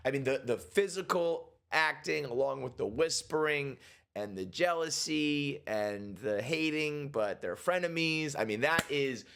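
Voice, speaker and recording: A man in the middle pitch range talks through a TV episode in a loose, chatty way. He swears freely and jumps into quick impressions of the characters' lines. It sounds like an unscripted reaction video. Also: gravelly. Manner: animated, acts out characters' lines in quick voices. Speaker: TV show reviewer. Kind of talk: reaction and breakdown commentary.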